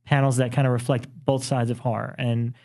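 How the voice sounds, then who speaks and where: A man's voice: mid-range voice, little pitch movement, fairly quick, warm tone. Chatty man, enthusiastic podcast co-host. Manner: chatty, enthusiastic, with frequent "uh" and "you know". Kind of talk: casual chat.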